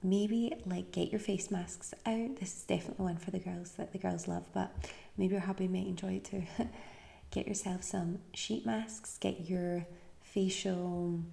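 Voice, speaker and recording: A tired woman from the UK hosting a podcast, giving casual, encouraging advice and often dropping into a soft, breathy near-whisper. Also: lowish voice, fairly even intonation, a little slow. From United Kingdom. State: tired, yawning. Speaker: podcast host.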